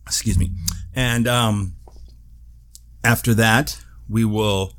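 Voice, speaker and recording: Speaking slowly in a lowish voice, this man hosts his own show and delivers a laid-back spoken update. His storytelling is animated, full of cursing and frequent laughter.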